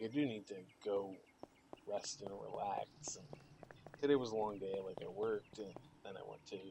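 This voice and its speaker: A man's voice: lowish voice, vocal fry, noisy background. A tired young man giving casual, rambling commentary while he plays a survival game, with lots of fillers. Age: young adult. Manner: rambling, relaxed, many fillers. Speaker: gaming channel host.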